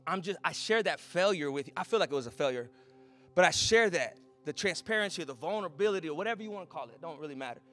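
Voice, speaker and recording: A man preaching a sermon as a pastor, moving from quiet storytelling to loud, rising exhortation. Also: on the high side.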